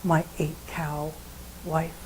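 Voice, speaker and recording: A woman voicing a gentle, wise island trader who speaks quietly and asks thoughtful questions. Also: deep voice, flat delivery, slow pace, slight background noise, poor audio.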